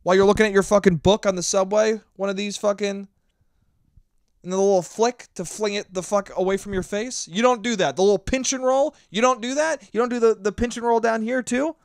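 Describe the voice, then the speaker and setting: A young man hosting his own podcast, ranting with lots of swearing and sometimes shouting into a handheld mic. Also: sits high, brisk, no room sound, clean studio sound. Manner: profane, animated ranting; shouting at times. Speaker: podcast host. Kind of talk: solo podcast monologue.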